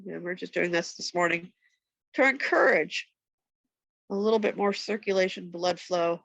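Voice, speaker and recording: A woman with a stuffy, congested voice, calmly giving slow step-by-step yoga and massage cues on a nearby mic. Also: fairly low pitch, gravelly, no echo, rough recording. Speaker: yoga instructor. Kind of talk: guided yoga instruction. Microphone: external mic nearby.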